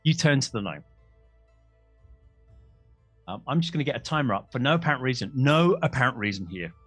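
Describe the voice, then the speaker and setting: A man's voice: mid-range voice, very animated, a little fast, a bit bright, husky, no echo, faint music behind. A man narrating a tabletop game as game master, rambling and self-mocking, tripping over his words. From Australia.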